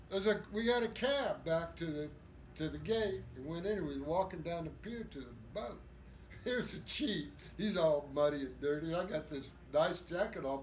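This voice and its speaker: High-voiced older man telling salty stories. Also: slight background noise. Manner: profane, animated storyteller. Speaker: guest. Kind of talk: storytelling interview. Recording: echoey room with faint ambience.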